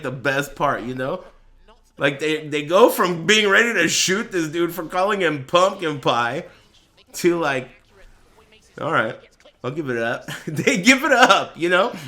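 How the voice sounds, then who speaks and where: Animated, bright-voiced man streamer. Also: a little high. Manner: profane, animated storytelling with frequent laughter. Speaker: streamer and podcast host. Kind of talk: casual chat.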